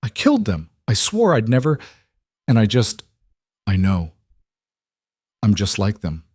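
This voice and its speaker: A man voicing a defiant young woman witch in a fantasy audiobook, high and strained. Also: wildly swooping pitch, a little slow, a little mellow, husky, dry recording, studio quality, heavily acted. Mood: whispering remorse.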